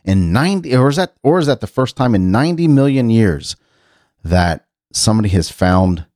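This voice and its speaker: A man's voice: fairly low pitch, sing-song, normal speed, a little mellow, no echo, studio quality. A middle-aged man hosting a casual chat show, musing aloud and rambling with frequent restarts as he reads out news items. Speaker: talk show host. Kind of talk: casual radio-style chat.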